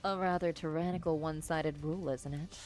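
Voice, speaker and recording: A woman reads a calm, composed student in a low, even register, reading video game dialogue aloud. The voice is measured and cool. Faint game music runs behind. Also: lightly acted. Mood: wry.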